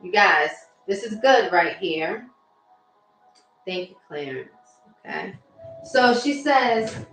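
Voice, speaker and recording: A woman mindset coach on a phone livestream, talking casually and warmly to viewers and reading their comments aloud. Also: medium pitch, expressive, slow, long pauses. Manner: warm, chatty, addresses viewers directly and reads their comments aloud. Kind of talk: casual motivational livestream talk. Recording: very echoey room with faint music.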